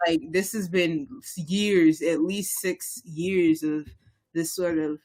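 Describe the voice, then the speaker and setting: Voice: medium pitch, steady tone, slow, a little mellow. Emphatic young podcast co-host from Boston. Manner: rambling, frequent restarts, heated and emphatic. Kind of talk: casual chat on local politics.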